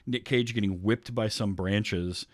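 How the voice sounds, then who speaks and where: Male podcast host, low register, rambling casual movie chat, dry close sound. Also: measured pace, dry recording. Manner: rambling, fills with ums, acts out scenes.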